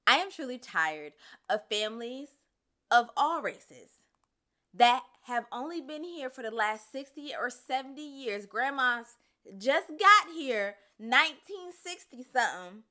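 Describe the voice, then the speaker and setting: A woman's voice: a little high, lively intonation, measured pace, sharp tone. A woman hosting a commentary show, talking in a blunt, sassy and profane way. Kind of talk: casual social commentary.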